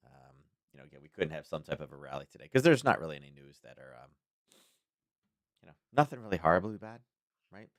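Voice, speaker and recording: A man's voice: deep voice, sing-song, quick pace, long pauses. A man hosting a casual daily market commentary stream, talking in a rambling, chatty way with frequent chuckles.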